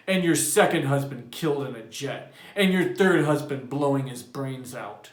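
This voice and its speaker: A man voicing a bitter fireman who shouts angrily at a guest. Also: mid-range voice, close to an everyday voice. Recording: roomy echo.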